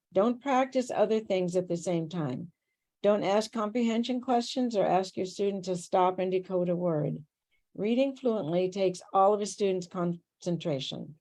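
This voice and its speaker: Reading from prepared material, a medium-pitched woman leads a tutor training workshop over a video call in a clear, steady, teaching manner.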